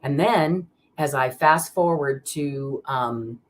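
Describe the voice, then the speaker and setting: Woman host, very deep voice, rambling live-stream chat with viewers. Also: takes it slowly. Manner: rambling, chatty, many fillers and restarts; greets viewers by name mid-sentence. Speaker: card reader hosting a live stream.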